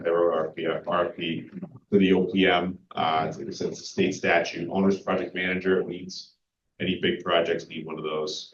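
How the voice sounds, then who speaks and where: A man's voice: low voice, a little hiss or hum. A man with a New England accent, a public works official giving a casual, filler-laden report at a town meeting. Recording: roomy, distant, dull community TV audio.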